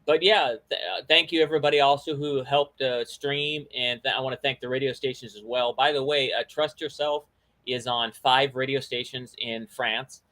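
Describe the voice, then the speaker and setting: The friendly podcast host chats loosely and rambles, stumbling into many fillers and restarts on his casual talk show. He speaks at medium pitch and a moderate pace with fairly even intonation, his voice pushed and bright.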